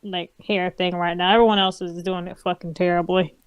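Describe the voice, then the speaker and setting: A woman co-hosting a casual live-stream chat, talking in a relaxed, candid, offhand way. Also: fairly low pitch, a little fast, clean tone, no room sound.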